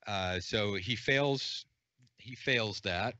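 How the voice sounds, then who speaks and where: A man running a tabletop game as game master, relaxed and chatty, thinking aloud with fillers. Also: on the low side, very slow. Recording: dull, dry lo-fi sound.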